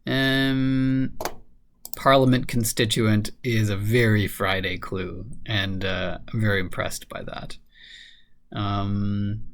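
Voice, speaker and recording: A man's voice: lowish voice, vocal fry. A man solving a crossword aloud in a casual, hesitant think-aloud manner, then reviewing the grid. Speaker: crossword solver.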